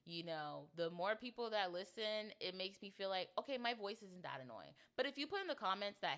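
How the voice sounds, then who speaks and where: A woman's voice: lowish voice, expressive, moderate pace, hardly any pauses, fairly bright tone. A young woman hosting her own podcast, chatting casually and self-deprecatingly with lots of "like" fillers. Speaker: podcast host. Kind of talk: casual solo podcast chat.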